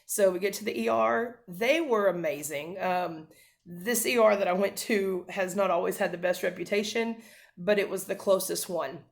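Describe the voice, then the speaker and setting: A woman's voice: mid-range voice, moderate pace, vocal fry. A woman in her thirties, a mother, earnestly telling a family story to camera, with many fillers and restarts.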